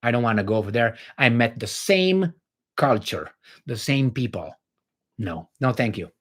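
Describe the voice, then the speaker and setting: Romanian-accented male livestream host, lively pitch swings, blunt and sarcastic chat commentary. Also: moderate pace. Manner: animated, sarcastic, blunt with swearing.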